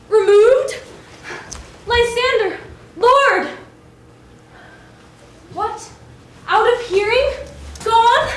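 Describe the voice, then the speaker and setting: A gentle young maiden speaks in a very high, unhurried voice, performed by a woman. The sound is distant and roomy, with faint noise in the background. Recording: echoey, from far off.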